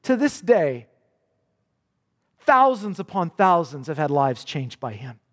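A man's voice: a little high, very animated, slow pace, fairly bright tone, in a large hall. A male pastor preaching a sermon with earnest emphasis, quoting scripture dramatically.

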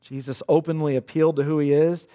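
A man's voice: a little high, flat delivery, fast, warm tone, big-room sound, muffled recording. A male pastor preaching a sermon with earnest emphasis, quoting scripture dramatically.

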